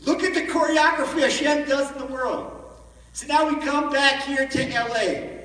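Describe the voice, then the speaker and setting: A man giving an animated storytelling sermon as a rabbi at a conference, recorded from far off in a large echoey hall. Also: extremely high pitch, normal speed. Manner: animated, acts out the story in voices.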